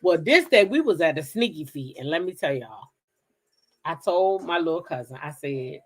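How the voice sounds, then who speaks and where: A woman from the DC hosting a casual livestream, telling stories straight to her viewers in an animated, profane way. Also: sits low, normal speed, husky. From Kensington, Maryland, near Washington DC. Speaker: livestream gossip host. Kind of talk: casual chat with live viewers.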